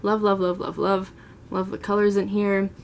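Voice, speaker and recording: Young woman in her twenties, beauty vlogger, chatty and gushing, mid-pitched voice. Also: level tone, moderate pace, gravelly, background noise. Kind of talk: casual makeup collection tour. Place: at home, seated.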